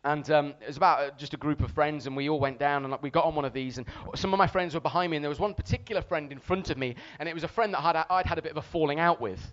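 A man preaching a sermon to a congregation, telling a story with animated, shouted re-enactments. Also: a little high, very fast, few pauses, dull audio.

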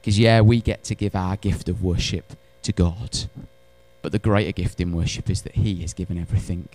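A man preaching a sermon in church, animated, swinging between loud emphatic lines and hushed ones, with wry humorous asides. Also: low-pitched, normal speed. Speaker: pastor.

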